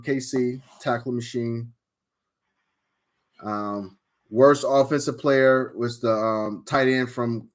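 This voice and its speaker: A man casually recapping a fantasy draft, rambling and swearing with lots of fillers and outbursts. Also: medium pitch. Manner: rambling, profane, animated storytelling with frequent fillers. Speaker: fantasy football league member.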